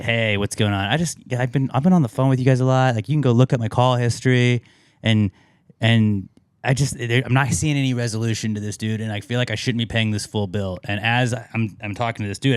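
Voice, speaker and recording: A man's voice: mid-range voice, fast talker, smooth, no room sound, clean studio sound. A man co-hosting a podcast, chatting casually and telling rambling anecdotes full of fillers. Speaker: podcast co-host. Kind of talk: casual chat.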